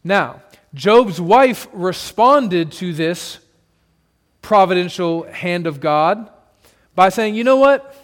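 A male pastor preaching a sermon to his church, shifting dramatically between loud emphasis and hushed, soft passages. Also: high voice, slow pace, long reverb tail. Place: church sanctuary with congregation.

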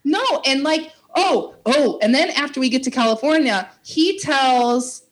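A woman spins a story in casual podcast chat. Her voice sits a bit high, and she jumps into the voices of the people she quotes. She swears freely and laughs along. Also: a little slow. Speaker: podcast co-host.

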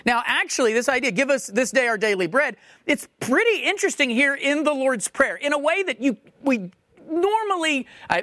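A man's voice: very high-pitched, pushed and bright, dry recording, studio quality. A man preaching a sermon, emphatic and questioning, repeating phrases for stress. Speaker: pastor.

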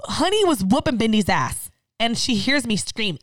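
A woman chatting casually, an animated storyteller who acts out quotes and swears freely. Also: mid-range voice, fast talker, no room sound. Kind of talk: casual chat.

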